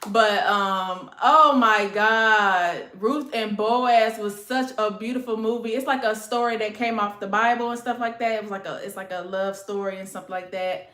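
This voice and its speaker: A woman's voice: medium pitch, fairly even intonation, moderate pace, few pauses, bright, forceful tone. A woman, chatting casually and rambling to her livestream viewers, calling them y'all and honey. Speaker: livestream host. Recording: echoey room.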